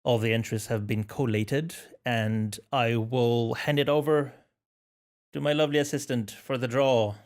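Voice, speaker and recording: A man co-hosting a casual gaming podcast, jokey and rambling, laughing often and filling pauses with ums. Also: medium pitch, fairly even intonation. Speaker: podcast co-host.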